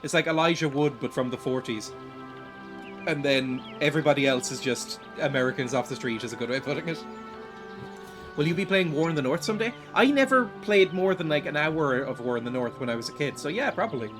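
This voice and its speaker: A man's voice: on the high side, expressive, brisk. A young man giving rambling, self-deprecating gameplay commentary, stumbling and repeating words as he plays at home. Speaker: streamer. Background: game music.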